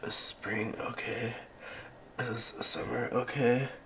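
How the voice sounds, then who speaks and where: A man voicing an injured young woman warrior who talks in an urgent, pleading, hurried way. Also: medium pitch, little pitch movement, gravelly, noisy background. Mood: worried.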